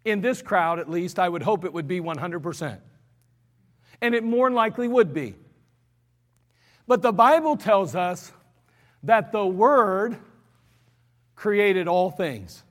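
A man preaching an emphatic sermon, slowing down and repeating lines for stress. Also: high voice, animated, long reverb tail. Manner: emphatic, repetitive, slows for stress.

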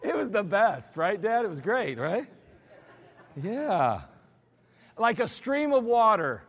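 American pastor preaching, kinda high voice, chatty storytelling, church hall echo. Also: male voice. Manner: conversational storytelling, animated acted quotes. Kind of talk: sermon. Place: church sanctuary.

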